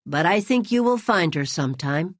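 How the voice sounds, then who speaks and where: A woman's voice: fairly low pitch, animated, normal speed, no echo. A woman voicing a protective young boy who speaks in a firm, earnest voice.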